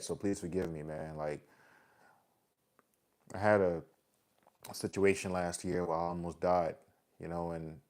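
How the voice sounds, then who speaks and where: A man's voice: low-pitched, a little mellow. A man talking earnestly to his followers about his faith, casual and repetitive, with heavy sighs. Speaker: vlogger sharing faith testimony. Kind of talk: heartfelt personal talk to followers.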